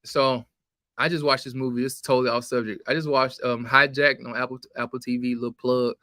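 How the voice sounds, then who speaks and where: A man's voice: medium pitch, little pitch movement, fairly quick, pushed and bright, no room sound, studio quality. A man co-hosting a casual live sports chat, laid-back and slangy, with some trash talk. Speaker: co-host.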